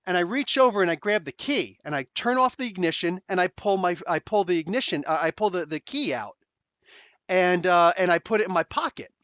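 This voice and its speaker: A man's voice: sits high, a little fast, no echo, highs cut off. A man in his forties, host of a podcast, telling a story casually, swearing and acting out what people said. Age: 40s. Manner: animated, swearing, acts out quotes. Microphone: close desk microphone.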